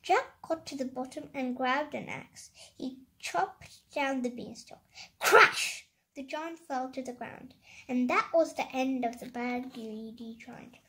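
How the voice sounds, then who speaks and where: A child reading a picture book aloud, slowly and carefully, stopping to describe the pictures. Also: high voice. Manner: slow careful reading, halting comments. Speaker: story reader.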